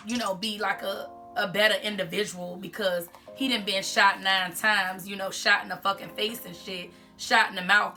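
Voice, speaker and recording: A woman speaking talks casually between bites, candid and profane as she vents. Her pitch sits mid-range for a woman. Music plays clearly in the background. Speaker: vlogger. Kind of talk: casual mukbang commentary.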